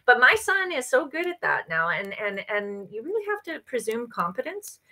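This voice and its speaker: A woman speaks as a guest in a casual podcast conversation, her tone bright and forceful. She rambles, circling back with fillers and restarts as she explains. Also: a little high, big pitch swings, moderate pace. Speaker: podcast guest, parent of a child with special needs.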